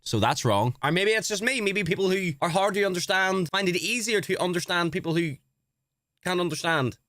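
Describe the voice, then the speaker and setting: A man's voice: high-pitched, lively intonation, a little fast, a bit bright, no room sound, studio quality. A man talking casually as a streamer, reacting to clips with playful, swearing asides.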